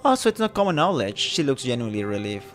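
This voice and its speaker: A man voicing a flustered woman village mayor who sounds fretful, prim and high-strung. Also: very animated, fast talker, soft background music, close to an everyday voice.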